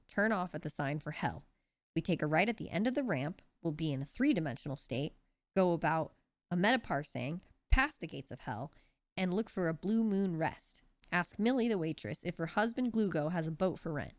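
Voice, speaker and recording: A woman's voice: fairly low pitch, dry recording. A woman reading a children's novel aloud, giving each character a slightly different voice. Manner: lively, with small voice shifts for each character. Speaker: reader.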